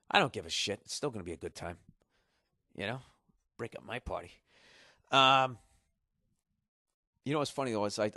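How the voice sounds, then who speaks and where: A man's voice: medium pitch, a bit bright, dry recording, studio quality. A man from Massachusetts hosting a solo podcast, rambling in a profane, sarcastic way. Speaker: podcast host.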